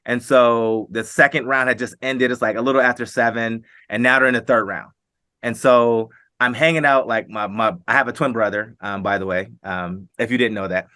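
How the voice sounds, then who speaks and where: Middle-aged male guest, former athlete, bright energetic storyteller, dry sound. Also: mid-range voice, normal speed, dry recording. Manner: animated anecdote-telling, acting out quotes with laughs. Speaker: guest, former pro football player. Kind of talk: storytelling in a casual interview.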